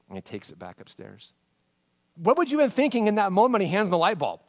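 Animated male preacher telling a story. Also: sits high, quick pace. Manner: animated storytelling, swings between loud emphasis and hushed tones. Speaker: pastor. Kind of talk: sermon.

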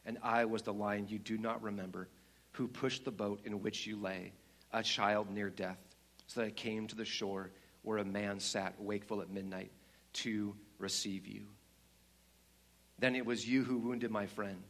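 Deep slow solemn lion voice put on by a man, quiet and big, low and unhurried. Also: fairly even intonation. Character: huge wise male lion, calm and solemn.

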